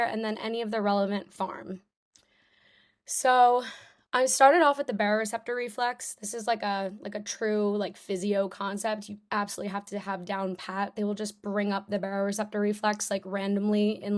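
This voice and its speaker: Chatty young woman tutoring live. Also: medium pitch. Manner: casual, chatty, many fillers. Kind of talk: live online review lesson.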